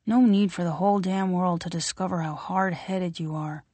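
A woman reading aloud, voicing a calm, matter-of-fact male small-town sheriff. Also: on the low side, normal speed, dry recording, lightly acted.

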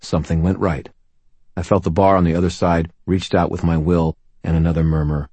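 Guy reading an audiobook in first person, super low husky voice, dry wry delivery. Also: little pitch movement, fairly quick, a little mellow, no echo. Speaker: audiobook narrator.

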